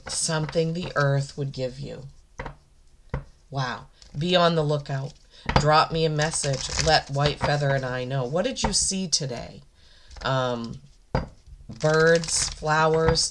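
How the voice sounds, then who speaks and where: A woman's voice: sits low, background noise. A woman energy healer giving an oracle card reading, reverent and gushing, emotional and near tears. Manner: slow, reverent and gushing, often moved.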